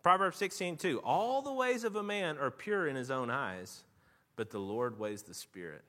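A man preaching a sermon, telling a lively story with animated, rising outbursts before quieting down to make his point. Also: on the high side, normal speed, long reverb tail. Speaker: pastor.

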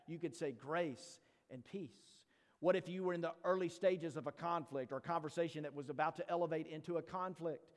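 Pastor, male, higher-pitched voice; brisk scripture reading, then slow, questioning sermon delivery; long hall reverb. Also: darkish tone. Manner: reads scripture briskly, then preaches slowly with rhetorical questions; playful asides to the congregation.

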